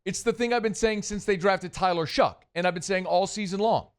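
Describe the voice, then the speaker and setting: A man's voice: sits high, brisk, clear, resonant tone. A man hosting a sports talk show, delivering a blunt, emphatic opinion monologue that hammers points with repetition. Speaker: sports radio host.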